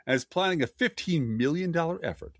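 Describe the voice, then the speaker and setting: Sarcastic man with a lively voice. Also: on the high side, brisk, dry recording, clean studio sound. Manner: sarcastic, reads news quotes aloud with mocking asides. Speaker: podcast co-host. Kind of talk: casual political podcast banter.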